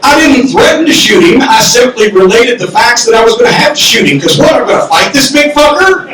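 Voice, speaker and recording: An older man telling a profane comedic story on stage at a live podcast, loud and animated, acting out the quotes. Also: very high-pitched, a little fast, recorded from a distance, a crowd in the background. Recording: roomy echoey club from the mic.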